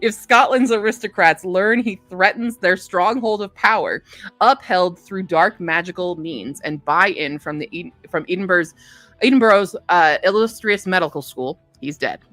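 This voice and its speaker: Woman rambling on a book stream, reads blurbs out, kinda low voice, faint music behind. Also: lively intonation, measured pace, a bit bright, no room sound. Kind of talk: casual livestream chat.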